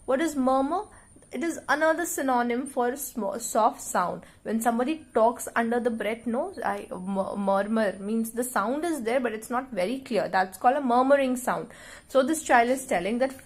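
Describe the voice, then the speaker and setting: A woman with an Indian English accent teaches a school poem in a slightly high voice. She explains slowly and patiently, tossing questions to her students as she goes. Now and then she reads a line of verse with extra expression. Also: expressive. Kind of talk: classroom lesson explaining a poem.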